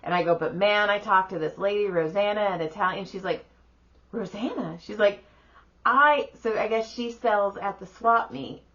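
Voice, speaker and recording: A middle-aged woman co-hosts a podcast in a mid-range voice, talking a little fast with few pauses over lo-fi sound. An animated storyteller, she chats casually, acts out the quoted voices of people in her stories, and swears freely.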